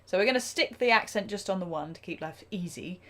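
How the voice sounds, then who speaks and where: A woman teaching a live drum lesson, chatty and self-deprecating, counting beats out loud. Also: medium pitch, expressive, fast talker. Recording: drum kit playing loudly behind.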